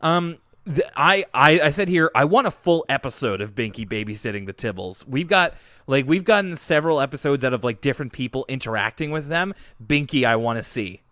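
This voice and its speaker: A man's voice: medium pitch, brisk, hardly any pauses, dry recording. Dry-sounding man in casual podcast chat. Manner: animated, laughs often, playful voices for quotes. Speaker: podcast co-host.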